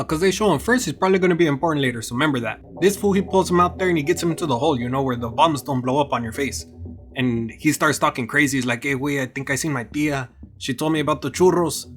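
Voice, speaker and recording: A man hosts a comedic anime recap, his voice sitting a little higher than most men's. He drops Spanish slang and jumps into playful put-on voices. Faint music plays underneath. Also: a bit bright.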